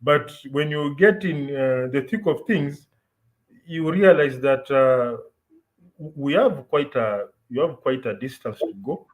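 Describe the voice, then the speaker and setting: A man's voice: medium pitch, unhurried, low-quality recording. A Kenyan man in casual, opinionated podcast chat, switching between English and Swahili as he tells stories. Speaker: podcast host.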